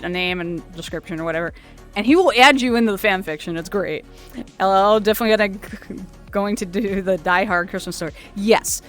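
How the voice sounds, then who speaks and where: A woman hosting a casual livestream, chatty and quick to laugh, often stumbling and restarting her words. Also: on the high side. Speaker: streamer host.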